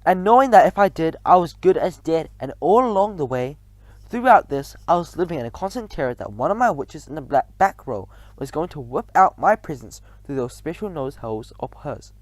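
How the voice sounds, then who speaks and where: A man reading a children's book aloud with a lively, rising and falling delivery, quick through tense passages. The sound is dry and close to the mic, with a fairly high voice. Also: no room sound. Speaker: reader.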